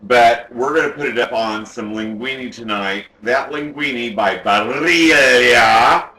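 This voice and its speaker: A man's voice: mid-range voice, normal speed, a bit bright, echoey room, close to an everyday voice. A man playing a sassy, campy woman home cook who hosts a comic cooking show from a home kitchen and teases the audience as she goes. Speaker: cooking show host character.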